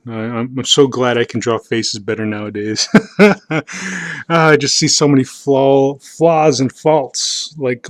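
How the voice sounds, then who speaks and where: A man leafs through his old sketches and talks about them in a slow, unhurried drawl. His speech wanders and stalls, full of fillers and self-deprecating chuckles. The voice sits at a middle pitch and is recorded dry and close. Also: no echo. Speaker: artist showing his sketchbook. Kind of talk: casual video narration.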